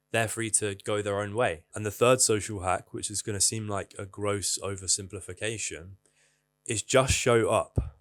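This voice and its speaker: Young guy, candid vlogger, low-pitched, dry close sound, swears casually. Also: a bit bright, no echo. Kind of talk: casual advice monologue.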